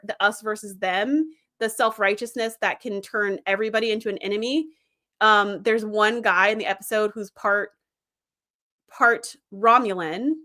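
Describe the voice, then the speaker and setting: A woman hosting a casual livestream, chatting about episodes with many fillers and lively retellings. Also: on the high side. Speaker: host.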